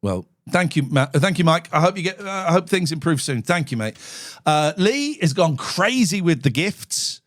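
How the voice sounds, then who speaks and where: A man's voice: fairly high pitch, animated, moderate pace. Brash sweary man hosting a call-in. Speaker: host of a live call-in stream. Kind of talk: live-stream call-in chat.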